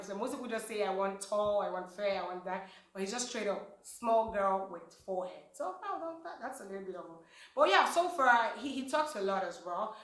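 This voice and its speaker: A woman's voice: medium pitch, fairly bright tone, reverberant. A woman, gossiping casually about reality show contestants, with lots of fillers. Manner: chatty, gossipy, many fillers. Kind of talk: casual chat.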